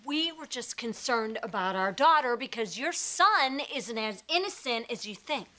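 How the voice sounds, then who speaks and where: A woman's voice: fairly high pitch, expressive, normal speed, pushed and bright. An actress playing a stern, indignant mother who scolds her teenage daughter in a sitcom. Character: stern, exasperated sitcom mom. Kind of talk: multi-camera sitcom acting.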